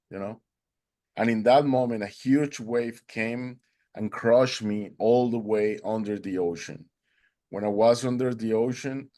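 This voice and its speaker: A man earnestly telling a personal story, halting and restarting as he goes. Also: on the low side, dark tone.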